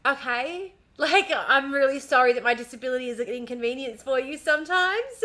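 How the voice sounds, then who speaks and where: Bright-voiced chatty Australian woman. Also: high-pitched, animated, a little fast, hardly any pauses. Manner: chatty, swears freely, speaks with a smile. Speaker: streamer. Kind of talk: casual livestream chat. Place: home room. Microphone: desk mic at home.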